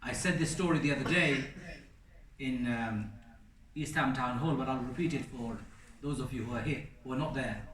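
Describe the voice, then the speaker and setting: Emphatic preacher in an echoing mosque hall. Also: male voice, mid-range voice, normal speed, fairly bright tone. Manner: earnest, emphatic lists, sprinkled Arabic phrases. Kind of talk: sermon. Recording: roomy mosque hall, distant mic.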